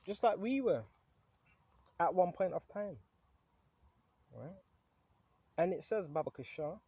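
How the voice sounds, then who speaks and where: A man's voice: on the high side, lively intonation, a little slow, long pauses, a little mellow, slight background noise. A man teaching from the Bible in a casual, conversational way, reading scripture aloud and often checking in with "right?". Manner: conversational, keeps asking "right?"; reads scripture aloud between comments. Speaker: preacher.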